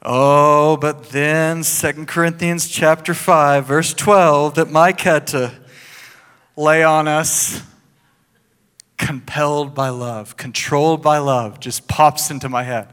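A man preaching as pastor, telling a personal story in an animated, joking way with laughs and asides. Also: a little high, takes it slowly, clean tone, long reverb tail. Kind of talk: sermon.

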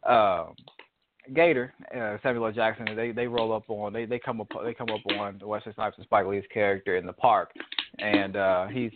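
A man telling a rambling story in a relaxed, casual chat. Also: fairly low pitch, normal speed, background noise. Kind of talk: casual chat about a movie. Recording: dry tinny phone line.

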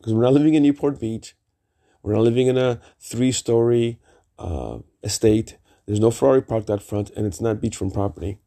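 A middle-aged man with a gravelly, dark voice tells a rambling personal story on his vlog. He talks emphatically, wanders off on tangents, and swears freely. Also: mid-range voice, normal speed. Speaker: vlogger.

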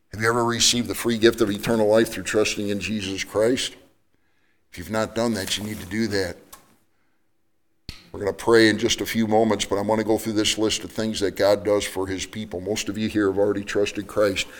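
A fervent preaching pastor, man. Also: lowish voice. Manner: swings from loud fervent preaching to soft pleading tones; acts out quoted voices of God and the congregation. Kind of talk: sermon.

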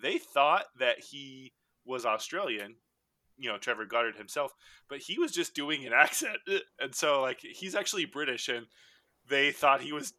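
A man with a bright, forceful voice leads a relaxed film podcast chat, joking and laughing between points. The sound is dry and close, with no room in it. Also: medium pitch, moderate pace, no echo. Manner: animated, laughing, jokey asides. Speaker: podcast host. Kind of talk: casual movie-rewatch chat.

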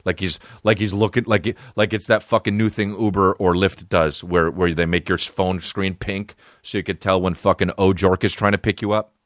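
A man's voice: deep voice, no echo, studio quality. A man hosting a podcast, telling a rambling, profane comic story and reading ads. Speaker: podcast host. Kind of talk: comedic storytelling and ad reads.

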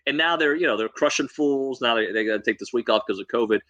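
Fast-talking, bright-voiced man in sports banter. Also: mid-range voice. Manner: joking, animated, mocks rival fans. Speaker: co-host. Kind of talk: casual sports chat.

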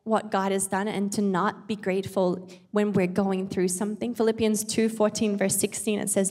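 A woman's voice: medium pitch, little pitch movement, normal speed, darkish tone. An earnest, chatty woman talks through scripture like a casual devotional, breaking in with self-aware asides. Her voice sits mid-range. It echoes with a long reverb, as if in a large hall. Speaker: devotional speaker and mother. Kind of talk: casual Bible devotional talk.

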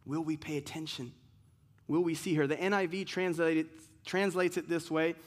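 Male pastor, sermon, slightly higher voice, emphatic but conversational. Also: steady tone, normal speed. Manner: rhetorical questions, emphatic and conversational with asides.

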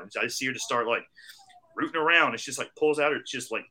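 A man co-hosting a podcast, telling a long, profane story casually and acting out the quoted voices of the people in it. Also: medium pitch. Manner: fast, animated, acts out quoted voices. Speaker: podcast co-host.

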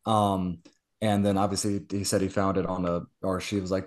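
A man hosting a casual film podcast, halting and apologetic, passing the turn to others. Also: low-pitched, monotone, darkish tone.

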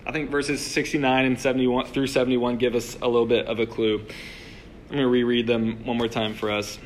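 A young man preaching to a gathered room in a relaxed, talky way, peppering his lines with filler words and quick restarts. His voice sits at an ordinary middle pitch, and a faint hiss runs under the recording. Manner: conversational, lots of "like" and restarts. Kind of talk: casual sermon. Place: room with a live audience.

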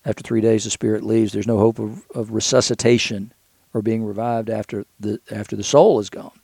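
A man's voice: on the low side, steady tone, fairly quick, creaky, mellow, slightly rough, dry recording. A man teaching scripture in a conversational way, thinking aloud with frequent restarts and repeated words.

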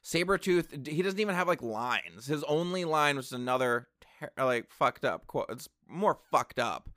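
A man casually reviewing a film on camera, rambling and excitable, with lots of fillers and asides. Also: fairly high pitch, normal speed, no room sound, clean studio sound. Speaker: movie reviewer. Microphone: camera mic.

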